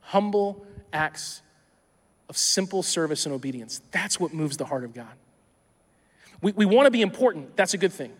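A tired male pastor preaching a sermon in a conversational, animated way, often acting out imagined dialogues. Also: sits high, long reverb tail. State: tired from little sleep.

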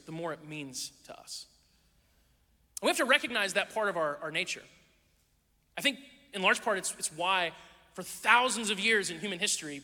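Man, pastor, high bright voice, lively joking sermon delivery, big reverberant hall. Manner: animated storytelling with jokes to a congregation. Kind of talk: humorous sermon. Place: large hall with a live audience. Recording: live hall with long reverb.

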